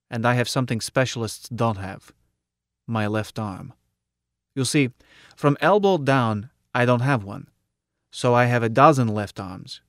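A man's voice: medium pitch, dry recording. Clipped, dry-voiced male audiobook narrator. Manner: clipped, drops articles. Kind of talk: first-person scripted narration.

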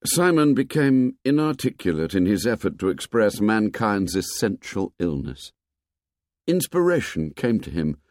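A man narrating a novel in a measured, expressive storytelling voice that grows low and soft in tense passages. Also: no room sound, clean studio sound. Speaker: audiobook narrator. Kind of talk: scripted narration.

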